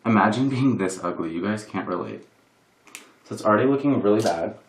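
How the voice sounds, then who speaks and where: A young male vlogger chats fairly quickly through a relaxed makeup tutorial at home, his voice fairly low with lively intonation. He's self-deprecating and rambling, saying "like" a lot, with the camera resting on a box. The recording has a little hiss or hum and a roomy echo from the room.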